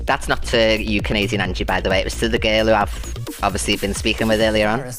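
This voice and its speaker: A woman's voice: extremely low pitch, steady tone, fast, over music. A woman chatting casually on a live stream, greeting and thanking her viewers by name and turning defiant about an abuser. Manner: chatty, greets viewers and calls them loves and babes.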